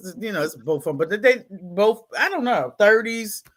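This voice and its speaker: This interview guest, who works on school staff, is a woman from Baltimore, USA, with a mid-range voice and a moderate pace. In her Baltimore accent she tells casual stories, laughing a lot and acting out quotes in over-the-top voices.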